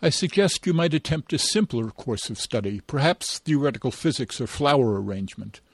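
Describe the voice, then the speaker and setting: A man's voice: medium pitch, lively intonation, brisk, breathy edge, dry recording. A man voicing a haughty, condescending male history professor in a storybook reading.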